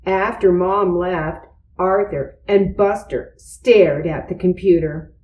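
A woman slowly reading a children's storybook aloud. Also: fairly low pitch, roomy sound, lo-fi sound. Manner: slow, deliberate. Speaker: reader.

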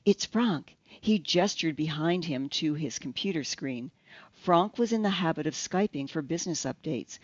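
An audiobook narrator reading a first-person story in a measured, even way. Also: medium pitch, dry recording. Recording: slightly dull, dry lo-fi recording.

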